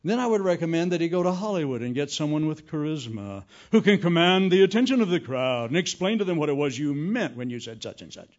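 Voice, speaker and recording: A man's voice: on the high side, fast talker, few pauses. A man preaching a humorous sermon as an evangelist, telling folksy stories with jokes. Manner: folksy, joking, animated storytelling. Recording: dull lo-fi recording.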